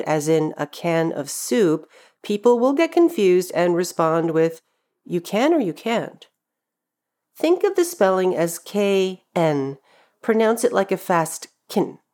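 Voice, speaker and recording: A woman reading a scripted pronunciation lesson, speaking carefully and clearly and demonstrating example phrases. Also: on the low side, a little mellow. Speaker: pronunciation teacher. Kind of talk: scripted instructional narration.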